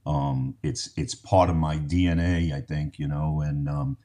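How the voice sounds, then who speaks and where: A man who is a podcast guest, telling anecdotes in casual interview talk with an animated, storytelling manner. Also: rumbling low, measured pace.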